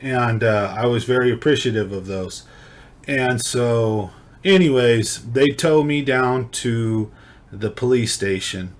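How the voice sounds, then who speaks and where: A man tells a story from his own life, casual and rambling. He drifts through slang and swears freely. His voice sits at an ordinary middle pitch. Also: slow. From California. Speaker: vlogger telling a personal story.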